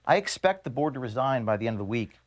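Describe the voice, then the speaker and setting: A man, the founder of an organization, reading an earnest, measured video statement to his staff from his office. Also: mid-range voice, lively intonation. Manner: earnest, measured, grievance-laden. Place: office at headquarters.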